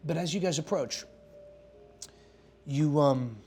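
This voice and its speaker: A chatty game master narrating a tabletop horror game at a middling pitch, loose and full of quick asides. Faint music plays underneath. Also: darkish tone.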